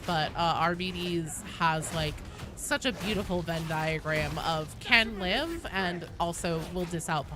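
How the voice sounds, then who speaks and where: A young woman talks casually on a gaming livestream, her pitch swooping in a lively way. She reads chat aloud, swears freely and breaks into excited squeals. Music plays clearly behind her voice. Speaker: streamer.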